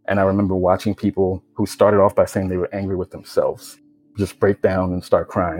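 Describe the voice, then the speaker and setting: A young American man tells his own story in a low, steady voice that barely rises or falls. His tone is dark and mellow with a husky edge. He talks in a reflective, unhurried way, with plenty of casual fillers. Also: low-quality recording. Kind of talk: personal testimony.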